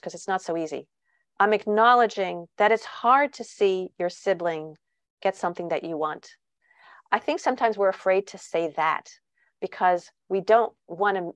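A woman's voice: medium pitch, no echo. Woman parenting author on a video call, dry close sound, midrange voice. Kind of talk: online talk with Q&A.

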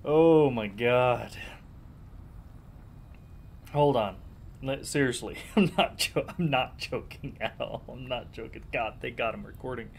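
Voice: medium pitch, moderate pace, vocal fry, slight background noise. A young adult gaming host giving live commentary on a boss fight, panicky and exclaiming, often repeating himself. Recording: game music behind the voice.

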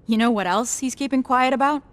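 A woman's voice: medium pitch, measured pace. An actress playing a blunt, profane young female resistance soldier in a video game. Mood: angry. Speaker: soldier, explosives specialist. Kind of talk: video game cutscene acting.

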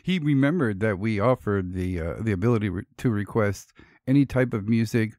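A man's voice: on the low side, expressive, a little fast, a little mellow, no room sound, clean studio sound. A man co-hosting a podcast, talking in an easygoing, rambling way and thanking listeners. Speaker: podcast co-host. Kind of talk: casual chat.

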